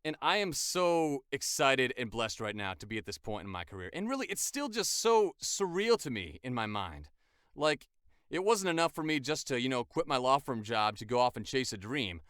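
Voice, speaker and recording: Young male voice actor, chatty vlog delivery, smooth and lively, close dry mic. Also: medium pitch, moderate pace, dry recording. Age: 20s. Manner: enthusiastic, chatty, with casual fillers. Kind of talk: casual vlog.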